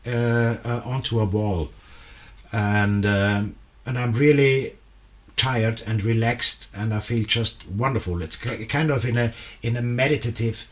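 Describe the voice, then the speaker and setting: A male interviewer speaks in an agreeable, searching way, pausing with ums and restarts as he shares his own experiences. His voice sits in an ordinary middle register. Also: mid-range voice. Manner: agreeable, hesitant, many fillers. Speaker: interviewer host. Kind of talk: conversational interview.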